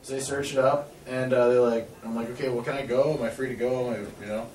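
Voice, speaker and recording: A man, telling a long, profane story in casual chat and acting out the quotes loudly. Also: mid-range voice, fairly even intonation, fast talker. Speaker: podcast host. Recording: echoey room, voice far from mic, faint background noise.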